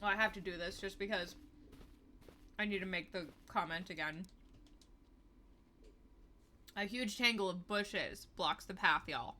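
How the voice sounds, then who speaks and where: A woman's voice: mid-range voice, moderate pace, pushed and bright, a little hiss or hum. A woman livestreaming a game, talking sarcastically and swearing freely while eating. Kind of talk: gameplay livestream commentary.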